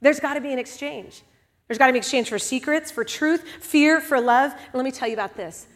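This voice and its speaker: A woman preaching a candid, conversational sermon in a large church sanctuary. Her voice sits a little high. The long reverb of the big hall trails behind each phrase. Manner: candid, conversational preaching with quick swings from hushed to loud. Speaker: speaker at a church service.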